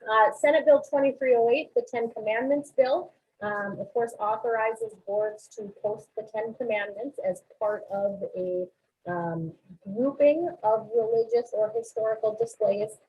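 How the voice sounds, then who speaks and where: A woman's voice: on the high side, measured pace, a little mellow, slight background noise. A woman presenting a legislative recap for school boards in a businesslike way, with frequent ums and uhs. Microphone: online webinar call. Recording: tinny phone-like webinar audio.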